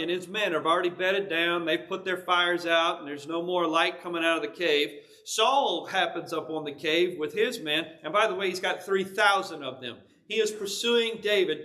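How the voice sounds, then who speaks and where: A man delivers a sermon in a church in a conversational, storytelling way. His voice sits high and sounds bright and forceful. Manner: conversational storytelling with vivid retelling. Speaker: preacher.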